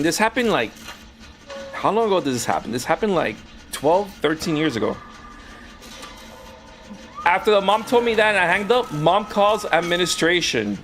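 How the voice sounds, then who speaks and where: A man's voice: high voice, moderate pace, pauses often, faint music behind. A man who streams games and used to teach, casually telling stories from his classroom and acting out the voices of the people in them. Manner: animated, acts out quoted voices. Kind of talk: casual storytelling while gaming.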